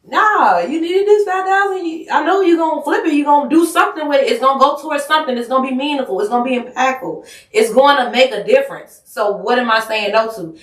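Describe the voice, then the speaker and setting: Blunt, high-voiced woman podcaster. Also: quick pace, echoey room, distant mic. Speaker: podcast co-host. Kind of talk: casual chat.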